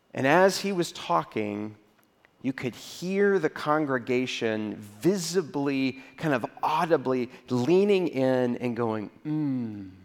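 A man preaching to his congregation at a mid pitch. He tells stories in a relaxed, conversational way. He drops his voice low to act out his own reactions. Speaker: pastor. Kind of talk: sermon.

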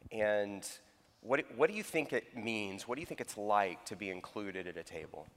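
A man leading a church service, encouraging and lively, with some fillers, recorded in a church sanctuary. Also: on the low side, moderate pace. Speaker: church service leader interviewing students. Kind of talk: live church talk. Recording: echoey hall.

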